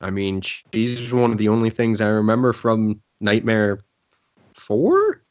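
A man's voice: on the low side, level tone, normal speed, dry recording, highs cut off. A man co-hosting a casual movie commentary podcast, blunt and sardonic. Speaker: podcast co-host.

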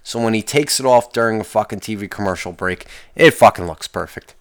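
A man with a gravelly, fry-heavy voice rants through a solo podcast. He swears constantly, trips over his own restarts, and sounds fed up. The sound is dry and close, with no room echo. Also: on the low side, brisk. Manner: profane, rambling, restarts often; complaining, exasperated. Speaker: podcast host.

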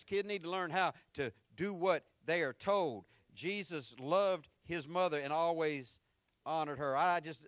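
Bright, high-voiced preacher man. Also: no echo. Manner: animated storytelling, swinging from loud punchy lines to hushed tender ones. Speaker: pastor. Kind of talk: sermon.

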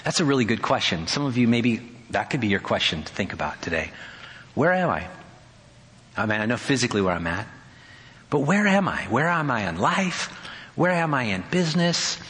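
Pastor preaching, bright voice, reverberant hall. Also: male voice, medium pitch, fairly quick. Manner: conversational and animated, with wry humor. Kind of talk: sermon. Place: church sanctuary.

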